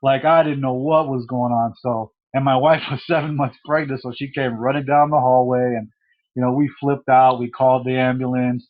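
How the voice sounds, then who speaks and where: Emotional man with halting speech. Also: medium pitch, level tone. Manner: halting, with many restarts and fillers, voice cracking with emotion. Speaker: guest telling his story. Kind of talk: emotional personal testimony. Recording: dull lo-fi audio.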